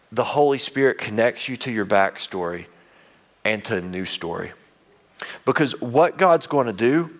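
A male pastor delivers a sermon in a conversational, earnest way. He restarts phrases often and sinks into quiet, intense passages. His voice sits at an ordinary middle pitch for a man.

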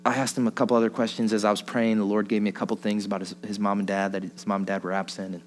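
A man's voice: lowish voice, flat delivery, very fast, a little hiss or hum. A man preaching a sermon in a casual storytelling way, chuckling through anecdotes and posing rhetorical questions. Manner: chatty, laughs while telling stories, rhetorical questions.

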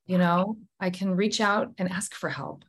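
A woman's voice: fairly low pitch, steady tone, a little slow. Woman telling a candid personal story. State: tearful at moments. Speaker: guest author. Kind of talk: casual podcast conversation.

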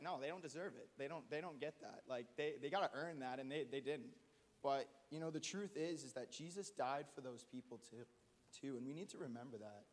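A man giving a halting, earnest testimony at a church gathering, with many restarts. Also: mid-range voice. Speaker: church member sharing testimony. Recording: long hall reverb.

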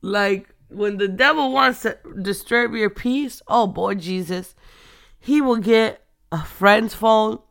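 A young woman hosting a faith-based talk show, speaking off the cuff in a candid, chatty way, laughing often and moving between quiet and loud. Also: medium pitch, slow pace, vocal fry, dry recording, studio quality. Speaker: faith-based podcast host. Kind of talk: unscripted casual girl talk. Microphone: audio only, not on camera.

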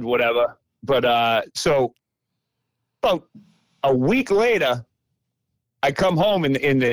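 Animated, cursing man telling stories. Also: mid-range voice, dry recording. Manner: profane, animated storyteller acting out quotes. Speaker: podcast host. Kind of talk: casual storytelling chat.

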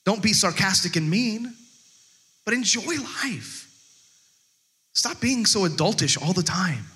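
A man's voice: sits high, animated, unhurried, sharp tone. A male pastor giving a chatty, humorous sermon, stumbling over restarts and acting out quotes.

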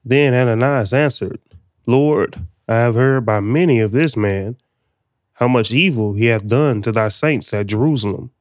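Brief: man reading scripture aloud, steady and plain, dry sound. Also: medium pitch, a little slow, no room sound. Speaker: scripture reader.

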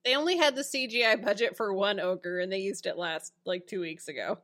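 A woman's voice: medium pitch, brisk, a bit bright. A woman in casual chat recapping a TV show, playful and joking and laughing often. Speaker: podcast co-host.

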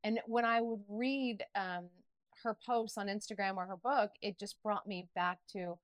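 A middle-aged woman talks candidly as an interview guest. Her delivery is animated and emotional, with many restarts and bursts of laughter. The sound is dry and close. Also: medium pitch, a little slow, dry recording. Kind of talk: candid personal interview talk.

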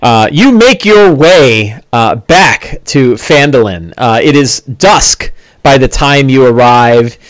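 An easygoing man running a tabletop game, narrating scenes with frequent "uh"s. His voice is at a middle pitch and recorded close and dry. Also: expressive, slow pace, no echo. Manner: easygoing, with many "uh"s. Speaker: game master.

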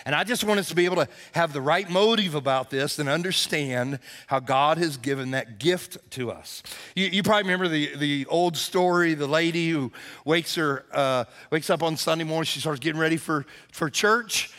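A man's voice: on the high side, fairly quick, a bit bright, big-room sound. A man preaching a conversational, emphatic sermon as pastor, acting out quotes in character voices.

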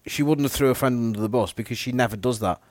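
A man co-hosting a casual book podcast, relaxed and musing, with dry asides. His voice is mid-pitched and recorded close and dry. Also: fast talker, no echo. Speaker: podcast co-host. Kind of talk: casual chat recapping a book.

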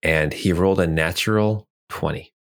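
A man narrating as game master of a tabletop role-playing game, relaxed, with filler ums. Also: deep voice, normal speed, gravelly.

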